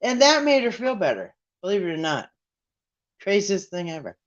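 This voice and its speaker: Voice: medium pitch, very animated, moderate pace, lo-fi sound. A live streamer in casual chat, rambling through a story and acting out what others said. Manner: rambling storyteller who acts out quotes. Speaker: live streamer greeting viewers.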